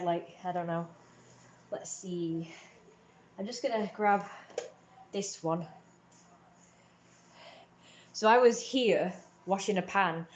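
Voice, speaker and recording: A young woman's low-leaning voice comes through an echoey room with a little hiss or hum. She's hosting a livestream from a webcam or phone, telling an upset, rambling story about a family conflict with frequent restarts.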